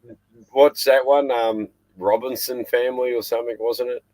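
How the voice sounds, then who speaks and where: A man's voice: medium pitch, fairly even intonation, moderate pace, a little mellow, no room sound, low-quality recording. An Australian man in his sixties hosting a casual chat, blunt, swearing freely and laughing often. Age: 60s. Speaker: podcast host.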